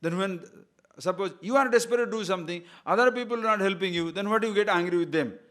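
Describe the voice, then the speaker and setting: Emphatic male spiritual teacher, somewhat high. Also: fast, a bit bright. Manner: emphatic, full of rhetorical questions; chants verses in Sanskrit. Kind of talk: discourse on scripture.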